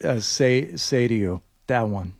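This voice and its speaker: A man's voice: mid-range voice, animated, measured pace, creaky, a little mellow. A man co-hosting a sports radio show, chiming in with wry, teasing interjections. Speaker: radio co-host. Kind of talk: casual on-air banter.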